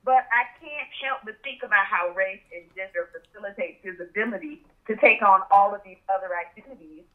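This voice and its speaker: A woman's voice: medium pitch, a little fast. A woman guest on a podcast, talking in a thoughtful, opinionated way. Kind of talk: casual chat. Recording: tinny phone line.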